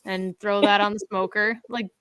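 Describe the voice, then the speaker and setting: A woman's voice: medium pitch, little pitch movement, normal speed, fairly bright tone, clear, resonant tone, dry recording. A young adult woman from Canada hosting a casual podcast chat with friends, chatty and laughing often. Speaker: podcast host.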